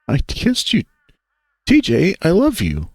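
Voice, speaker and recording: A man voicing an angry lovesick furry young man, swearing, lively pitch, dry sound. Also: slow, breathy edge, no room sound, exaggerated voice. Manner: pushy, swearing, voice breaking.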